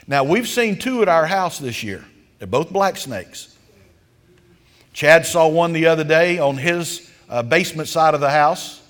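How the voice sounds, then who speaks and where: A man's voice: on the high side, lively intonation, measured pace, fairly bright tone. Folksy male preacher in a reverberant hall. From rural countryside. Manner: folksy, drawling storyteller with emphatic swells. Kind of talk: storytelling sermon.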